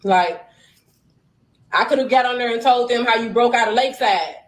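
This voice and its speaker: A woman's voice: fairly high pitch, moderate pace, echoey room, a little hiss or hum, low-quality recording. A woman talking bluntly on a casual livestream, heated and cursing. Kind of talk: casual livestream and phone talk.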